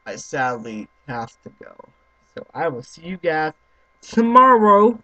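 A young man giving let's-play commentary, excitable, swearing and yelling at other players. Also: mid-range voice, normal speed, breathy edge. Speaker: gaming YouTuber. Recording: slightly muffled with faint noise.

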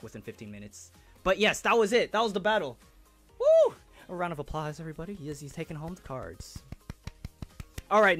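A young man hosting a live stream, chatting casually and excitedly with viewers in slang as he opens trading cards. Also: fairly high pitch.

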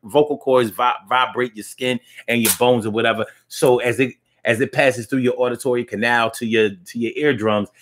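Speaking in a mid-range, rather bright voice, this man hosts a laid-back live-stream talk show. His talk is loose and slangy, full of restarts, and he reads comments from viewers aloud.

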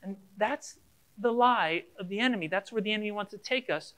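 A man with a bright, forward voice preaching a sermon in a relaxed, chatty way. He talks directly to the congregation as a pastor would. He often slips into little acted-out conversations to make his point. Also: high voice, brisk. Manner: casual, addresses listeners directly, acts out imagined dialogues.

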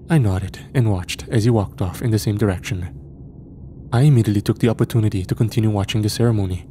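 A man narrates a first-person horror story in a measured, grim manner. His voice is low and mellow, with a dark tone. A faint hiss runs behind the recording.

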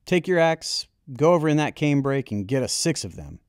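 A man doing a booming, hearty old grandpa. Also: big pitch swings, normal speed, clear, resonant tone, no room sound, clean studio sound. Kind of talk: audiobook reading.

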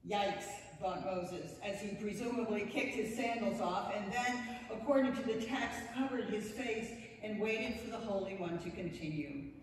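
A woman's voice: mid-range voice, moderate pace, few pauses. A woman pastor delivers a storytelling sermon with wry, playful asides. Her voice rings through a reverberant church sanctuary, caught by a mic set some way off. A faint hum of room ambience sits underneath. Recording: echoey church hall, distant mic.

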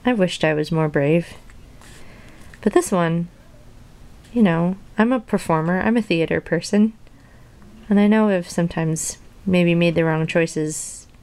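A woman reads a children's storybook aloud in an even, clear storytelling voice. Between stories she drifts into relaxed, chatty reflection. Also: on the low side, a little slow, long pauses. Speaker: reader and video host. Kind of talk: reading a children's storybook aloud, then casual chat.

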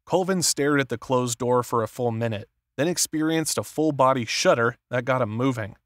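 A man's voice: mid-range voice, no room sound. Dry-voiced male audiobook narrator. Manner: steady, measured reading. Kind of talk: scripted narration.

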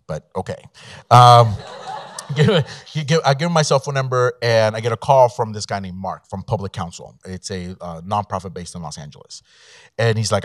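The Mexican immigration attorney addresses a law school event room audience with a personal story, full of fillers and quoted lines. His low voice has lively intonation at a moderate pace, recorded cleanly in the studio with no room sound.

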